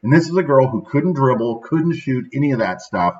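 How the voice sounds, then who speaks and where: This casual motivational talk comes from a man in his thirties from central Illinois who hosts a daily show, rambling upbeat and often tagging on "right?". His mid-range voice has lively intonation and moves a little fast, and the sound is slightly dull and lo-fi.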